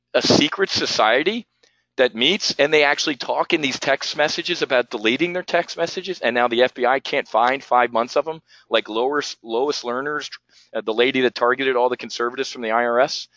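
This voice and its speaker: A man's voice: medium pitch, sharp tone, no room sound, highs cut off. A man hosting a live market commentary show, heated and ranting, tripping over his words as he talks. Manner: heated, ranting and repeating himself. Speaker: trading show host.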